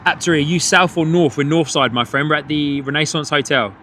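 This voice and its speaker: A man hosting a live plane-spotting stream from a hotel above the runway, excitedly calling out departures and greeting viewers. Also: fairly high pitch, fairly quick, a little hiss or hum. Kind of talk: live commentary. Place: hotel third floor overlooking an airport runway.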